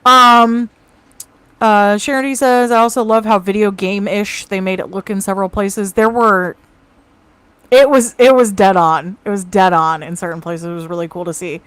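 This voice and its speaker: A woman's voice: medium pitch, steady tone, a bit bright, clean tone, no echo. Chatty woman with a dry, close sound. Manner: chatty, quick asides, laughs easily. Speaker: co-host reading viewer comments. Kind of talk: casual live show chat. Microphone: home mic on a video call.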